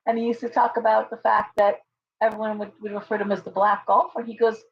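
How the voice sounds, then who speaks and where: A woman's voice: mid-range voice, level tone, fast talker. Woman hosting her own live stream: chatty, earnest, rambling, full of restarts. Recording a bit dull with faint background hiss. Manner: rambling, reading viewer comments aloud; earnest, with many fillers and restarts. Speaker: livestream host and tarot reader. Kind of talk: casual live-stream chat.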